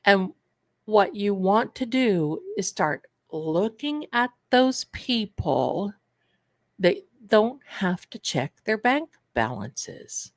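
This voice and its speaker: A woman's voice: medium pitch, big pitch swings, slow pace, no room sound. Chatty woman hosting a manifestation show. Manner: chatty storyteller, addresses viewers as darlings. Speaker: host of a manifestation and tarot show. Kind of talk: casual livestream chat.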